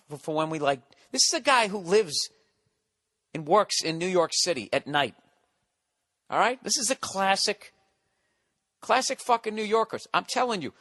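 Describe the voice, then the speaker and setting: A man's voice: on the high side, fairly bright tone, no room sound, clean studio sound. A man telling a comic story on his podcast, ranting and swearing as he mocks a nervous friend. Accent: Boston. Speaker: podcast host and comedian. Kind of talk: comedic storytelling monologue.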